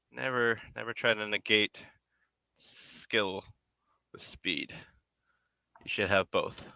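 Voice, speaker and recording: A man's voice: on the low side, creaky, sharp tone, no room sound. A man making a puppet on a live stream, rambling casually and half to himself as he works. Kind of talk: casual live-stream chat while working.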